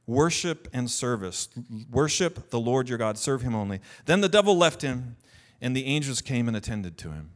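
A man's voice: medium pitch, lively intonation, fairly quick. A man, a pastor, preaching a sermon in a conversational way, reading scripture aloud with rising emphasis and often repeating words as he restarts.

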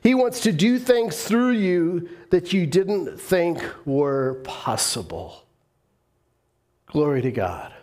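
A man with a high-pitched voice preaches a sermon. He drives his points home by repeating them and slips into the voices of reluctant believers. He calls on the congregation to answer back. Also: lively intonation, slow, a little mellow. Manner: emphatic and repetitive, acts out the voices of reluctant believers; leads the congregation in call-and-response. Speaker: pastor.

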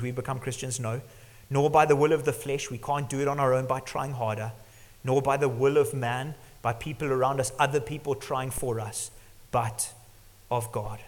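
A middle-aged male pastor preaching an earnest sermon, sometimes dropping to a hush for emphasis. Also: medium pitch. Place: church hall. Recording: long church reverb.

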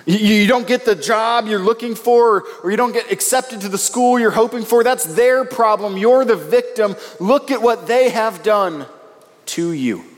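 Male pastor in his thirties, higher-pitched, emphatic preaching with swings in pitch, recorded in a reverberant hall. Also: unhurried. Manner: emphatic, rising and falling delivery. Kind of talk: sermon.

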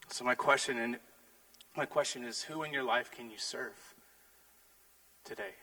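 A middle-aged man, a pastor, preaching a sermon and telling a family story with animated acted-out lines. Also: mid-range voice, unhurried, vocal fry, poor audio. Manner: animated storytelling, acting out his daughters' lines.

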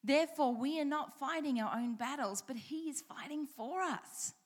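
A woman's voice: high voice, normal speed. A woman preaching a sermon, reading scripture aloud and repeating key lines with changing emphasis, asking the congregation direct questions.

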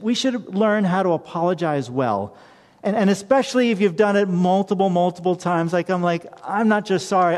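A man's voice: on the high side, a little mellow, in a large hall. A middle-aged man preaching a sermon, telling family stories with humor and reading scripture aloud. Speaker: pastor.

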